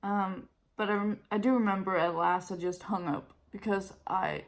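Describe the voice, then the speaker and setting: A woman's voice: mid-range voice, fairly even intonation, moderate pace. A woman in her twenties, a native Danish speaker, venting casually to camera, blunt and profane, tired and nauseous. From Denmark. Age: 20s. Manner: blunt and profane, quoting others in raised voices. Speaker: vlogger.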